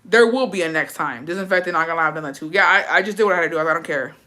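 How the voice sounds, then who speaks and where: A young woman hosting a livestream, telling a story in a rapid, profane, casual way and dropping in Spanish words. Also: fairly low pitch, sharp tone. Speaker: livestream host.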